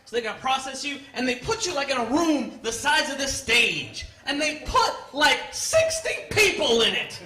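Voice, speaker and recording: A man in his thirties performing stand-up, animated, landing loud punchlines and tossing in Spanish words. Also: extremely high pitch, normal speed, hardly any pauses. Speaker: stand-up comedian. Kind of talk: stand-up comedy set. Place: comedy club stage with live audience. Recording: echoey club with audience noise.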